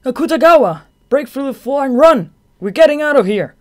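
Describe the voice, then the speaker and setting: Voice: medium pitch, very animated, moderate pace, a little mellow, breathy edge, pitched above the performer's own voice. A narrator voicing a helpful young man, speaking lightly and eagerly in a fan audiobook. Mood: urgent.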